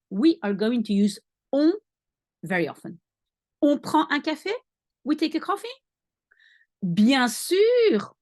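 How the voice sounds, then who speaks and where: A woman's voice: mid-range voice, a little mellow, no echo. A woman teaching a language lesson, patiently explaining and repeating sounds for her student.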